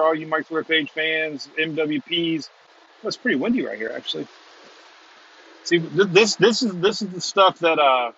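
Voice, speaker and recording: Male storm-chase stream host, rambling and chuckling, talking from a car, slightly high voice, dull lo-fi sound. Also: pushed and bright, slight background noise. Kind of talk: casual live chat while driving. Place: inside a moving car.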